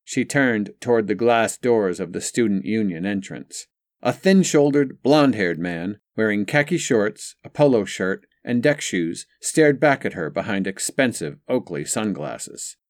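A man narrating an audiobook in a steady, even reading style. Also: lowish voice, measured pace, no room sound, studio quality.

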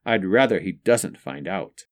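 Frank, wry young mother, voiced by a male narrator; plain-spoken, lively. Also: low voice, a little slow.

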